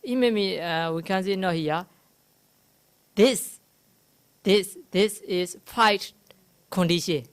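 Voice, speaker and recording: Slow, halting woman teaching Dhamma. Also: mid-range voice. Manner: halting, explains Pali terms slowly with many fillers; gently teasing the audience. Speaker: Buddhist teacher. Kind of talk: Dhamma talk. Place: meditation centre hall.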